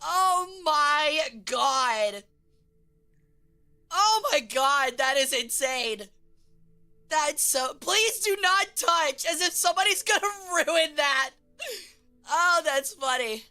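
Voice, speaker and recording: A young woman streamer chatting casually, swearing, laughing and breaking into loud silly voices. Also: high voice, animated, slow pace, pauses often, soft background music.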